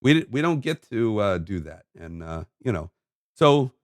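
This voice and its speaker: A man's voice: on the low side, big pitch swings, unhurried. A man hosting his own video, delivering a heated solo monologue to camera in an emphatic, ranting way with repeated phrases. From United States. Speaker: video host.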